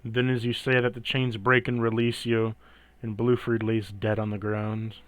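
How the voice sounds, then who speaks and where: A man running a tabletop game as game master, narrating the scene slowly and dramatically and asking for rolls. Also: fairly low pitch, flat delivery, no room sound. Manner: slow, dramatic descriptive narration.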